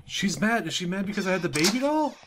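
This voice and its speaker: A man's voice: sits high, big pitch swings, quick pace, background noise. Jumpy young man yelping through a horror game. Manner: jumpy, swings from hushed whispers to panicked yelps and swearing. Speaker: gaming channel host. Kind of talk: horror game let's play commentary. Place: at home at a computer with headphones on.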